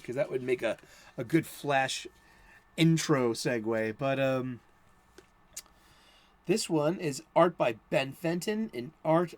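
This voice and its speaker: A middle-aged American man hosting a casual chat, rambling with many fillers and restarts. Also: mid-range voice. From United States. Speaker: host.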